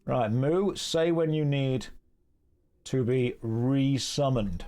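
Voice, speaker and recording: A man's voice: medium pitch, slow. An English man streaming an online game, chatting casually with viewers and reading out their messages in a wry, teasing way. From England. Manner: chatty, wry and teasing, thanks donors warmly.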